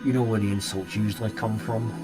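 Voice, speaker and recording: A man's voice: lowish voice, fairly even intonation, fast talker, over loud music. A Scottish man hosting a live stream and chatting casually with viewers, rambling and restarting his sentences often. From Scotland. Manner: rambling, hesitant, many restarts.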